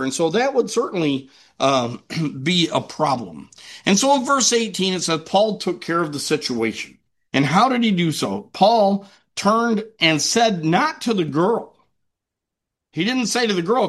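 A man's voice: high voice, a bit bright. A man preaching a conversational sermon to his regular congregation, with many restarts, acting out quoted lines.

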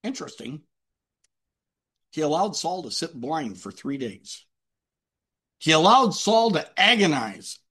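Emphatic male preacher, high voice. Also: sing-song, unhurried, long pauses, a bit bright, breathy edge. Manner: emphatic, rhetorical questions and repetition. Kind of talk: sermon.

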